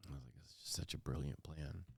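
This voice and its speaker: A middle-aged man with a very deep, gravelly voice tells a personal story in a halting, earnest way. He stumbles over his words and restarts often. The sound is dry and close, with no room around it. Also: dry recording. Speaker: podcast co-host.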